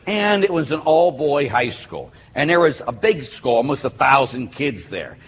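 A man's voice: medium pitch, normal speed. A man, a Catholic priest, giving a live talk to an audience, telling stories with humor. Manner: animated storytelling with humor. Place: church or hall with a live audience. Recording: echoey hall with faint noise.

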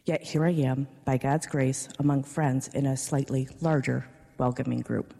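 A woman, a parishioner, reading a prepared personal testimony in a church, earnest and steady. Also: rumbling low, moderate pace, gravelly. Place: large church. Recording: long church reverb.

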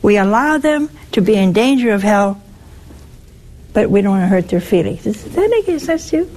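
A woman's voice: medium pitch, very animated, moderate pace, darkish tone, poor audio. A woman giving a spiritual teaching talk, wry and teasing, with emphatic turns. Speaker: religious speaker.

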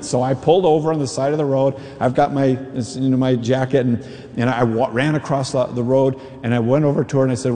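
A man's voice: mid-range voice, brisk, mellow, in a large hall. A man preaching a sermon who tells a personal story and acts out the voices in it.

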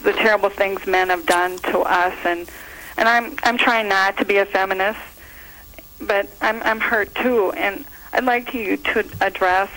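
A woman's voice: mid-range voice, fairly bright tone. A woman from Minnesota calling in to a talk show, gushing and rambling earnestly. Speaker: caller. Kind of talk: phone call to a talk show. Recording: tinny phone line.

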